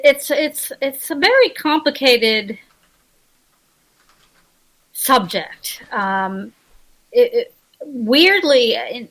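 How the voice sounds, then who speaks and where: A woman author, a guest on a radio interview, telling a crime story in an earnest, halting way and often restarting her sentences. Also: fairly high pitch, pushed and bright, low-quality recording.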